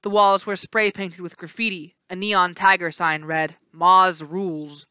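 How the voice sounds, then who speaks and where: A woman teacher reading a novel aloud in a steady storytelling voice with small slips. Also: fairly low pitch, normal speed, smooth, no echo.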